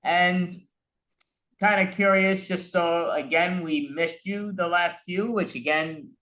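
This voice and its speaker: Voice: mid-range voice, steady tone, takes it slowly, a bit bright. A podcast host asking rambling, hesitant questions in a casual interview.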